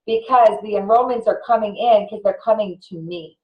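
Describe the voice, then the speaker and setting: A woman's voice: mid-range voice, moderate pace, reverberant, dull audio. A woman who is a guest on a casual live video chat, earnestly explaining practical tips step by step.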